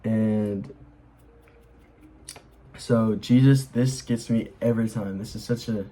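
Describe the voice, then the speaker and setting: A man's voice: lowish voice, steady tone, takes it slowly, warm tone, low-quality recording. A young man explaining a Bible chapter in a casual, earnest way, rambling with lots of fillers as he reads and comments. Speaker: Bible study host.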